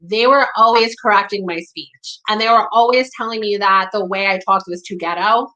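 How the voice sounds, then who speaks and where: A young woman from the New York area speaking candidly in conversation, blunt and profane, with a steady stream of "like" and "you know". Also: medium pitch, moderate pace, lo-fi sound. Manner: blunt, profane, heavy use of "like".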